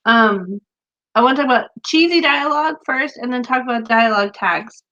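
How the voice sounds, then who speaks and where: A woman's voice: fairly high pitch, normal speed, a little hiss or hum. Woman co-host, 30s or 40s, chatty, lots of ums and laughs, muffled lo-fi sound. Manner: chatty and animated, many fillers, laughs often. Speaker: podcast co-host, author. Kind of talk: casual chat. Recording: dull lo-fi sound.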